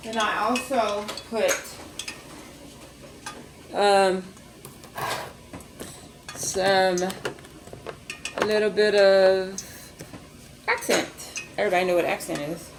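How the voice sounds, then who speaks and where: A woman's voice: mid-range voice, steady tone, slow pace, long pauses. An older woman hosting a casual cooking demonstration, chatting and rambling to her viewers as she works in her home kitchen. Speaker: cooking vlog host. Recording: noisy kitchen with clattering pans.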